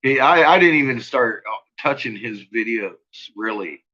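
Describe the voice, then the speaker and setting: A husky, bright-toned man rambles through a casual livestream chat, swearing constantly and breaking into laughter. The recording sounds dull and lo-fi. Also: mid-range voice, animated, measured pace. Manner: rambling, profane, laughs often. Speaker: channel host.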